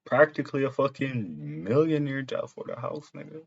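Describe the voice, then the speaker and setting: A man's voice: mid-range voice, sing-song, fairly quick, vocal fry. A young man streaming casual video chats with strangers, bantering in slang and laughing often. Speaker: streamer chatting with strangers on a video chat app. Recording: dull lo-fi audio with faint noise.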